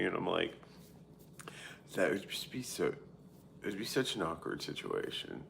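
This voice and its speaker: Streamer, man, 30s: very low, gravelly voice, candid and profane, loose rambling talk to chat. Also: expressive, moderate pace, a little hiss or hum. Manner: frequent filler "like" and self-interrupting. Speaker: live streamer. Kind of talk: casual chat answering viewers.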